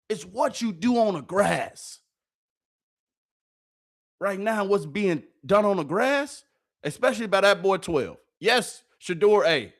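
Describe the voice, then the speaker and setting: A high-voiced man hosts a live football reaction stream, bursting with hype. His pitch swings wildly as he yells and laughs straight into a close mic. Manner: loud and excitable, yelling and laughing often. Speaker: sports reaction livestream host. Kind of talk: hyped live commentary on football clips. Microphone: close microphone he yells into.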